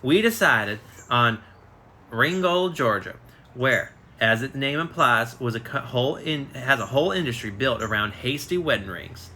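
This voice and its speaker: A man reads a book aloud over a phone live stream in a relaxed, unpolished way. His voice is very bright and sharp, with slips and restarts along the way. A faint hum of noise sits underneath. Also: medium pitch, normal speed. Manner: reads aloud with frequent slips and self-corrections. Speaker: reader. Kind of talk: casual live reading of a biography.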